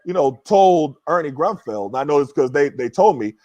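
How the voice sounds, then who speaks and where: A man's voice: a little high, moderate pace, dry recording, muffled recording. A former pro basketball player telling a story in casual chat, acting out what others said and peppering his talk with "you know" and "right?". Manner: animated, acts out other people's words.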